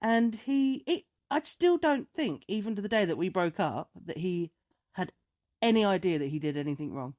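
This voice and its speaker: Animated woman telling stories. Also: mid-range voice, normal speed. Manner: animated storyteller, acts out dialogue in raised voice. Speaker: podcast co-host. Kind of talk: casual chat, storytelling.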